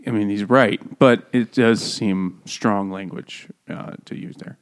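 A podcast co-host with a fairly low, clear, resonant voice speaks at a measured pace and fairly even intonation. Over beers in a casual comedic book chat, he retells a classic story crudely and jokingly, voicing its characters along the way.

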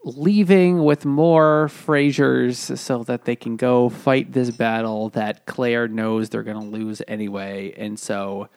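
A man co-hosting a casual book podcast, recapping the plot in halting, restarting sentences. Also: medium pitch, steady tone, darkish tone, dry recording. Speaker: podcast co-host. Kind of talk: casual chat about a book.

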